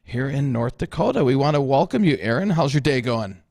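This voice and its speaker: A man's voice: medium pitch, expressive, fairly quick, gravelly, a little mellow, dry recording, studio quality. A man hosting a radio talk show, chatty with frequent fillers, interviewing a guest. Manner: chatty, laughs easily, hesitant fillers. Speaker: radio host, meteorologist. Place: radio studio.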